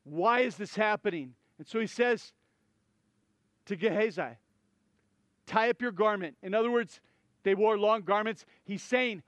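Guy preaching a sermon, pretty high voice, lively and chatty, dry sound. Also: unhurried, pauses often, no room sound, dull audio. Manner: animated, conversational preaching with asides. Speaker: pastor.

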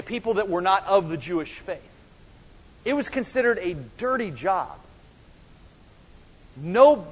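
A man preaching a sermon as pastor, animated and swinging between quiet and loud, acting out the dialogue himself. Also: high-pitched, slightly rough. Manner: animated, acts out dialogue with big swings in loudness. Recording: dull sound with long church reverb.

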